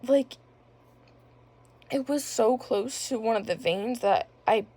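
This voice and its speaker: A woman's voice: fairly high pitch, takes it slowly, dark tone, slightly rough. A young woman casually telling a personal story on her vlog, rambling with lots of filler words. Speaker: vlogger.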